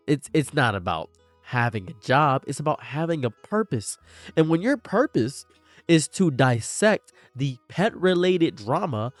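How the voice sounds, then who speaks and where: A man ranting in a sarcastic, theatrical commentary voice, dropping to hushed mutters and then bursting into shouts. His pitch moves all over the place. The recording is dry and close, with faint music playing underneath. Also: dry recording. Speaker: commentary YouTuber.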